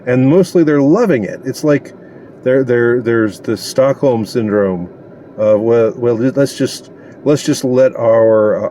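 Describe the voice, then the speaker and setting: A man giving a casual opinion monologue, indignant and sarcastic, pausing often as he talks. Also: mid-range voice, dark tone, slight background noise. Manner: indignant and sarcastic, halting with many pauses. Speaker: commentator.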